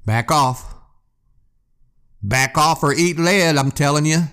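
A man's voice: medium pitch, big pitch swings, takes it slowly. A man doing a furious shotgun-waving man. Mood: furious yelling. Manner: yelling, threatening. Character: angry stubborn man with a shotgun.

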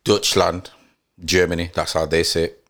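Low-voiced young man, stubborn. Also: animated, fast, a bit bright. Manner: stubborn, teasing. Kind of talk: casual banter among friends.

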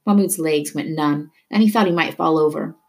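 A woman reading a novel aloud with steady storytelling narration. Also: low voice, normal speed, gravelly. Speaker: reader.

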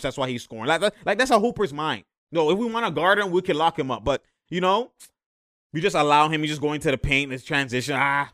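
A young man hosts a podcast, talking basketball casually with lots of slang and filler phrases. His voice is fairly high and fairly bright, captured with clean, dry studio sound.

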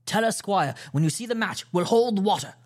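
A man's voice: mid-range voice, moderate pace, close to an everyday voice. A man voicing a stern ship's captain in a storybook reading, giving clipped orders. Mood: urgent.

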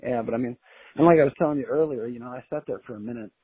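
A man telling a long story in a casual, colloquial and animated way as an interview guest, heard over a phone line. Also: medium pitch, racing, slightly rough, no room sound. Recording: tinny dry phone line.

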